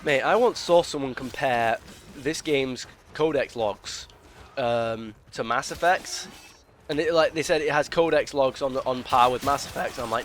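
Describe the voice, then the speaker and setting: A man's voice: mid-range voice, moderate pace, soft background music. A man giving casual gameplay commentary, rambling and opinionated, full of restarts and filler words. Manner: opinionated, explains at length. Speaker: gaming video creator.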